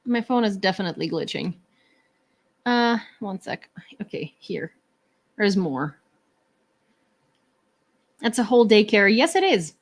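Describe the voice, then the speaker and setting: A woman from Ukraine hosts a relaxed livestream, chatting to her viewers from home. She talks in a rambling, ironic way, full of fillers and restarts. Her voice sits at an ordinary middle pitch for a woman. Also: unhurried, pauses often. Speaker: livestream host. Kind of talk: casual livestream chat with viewers.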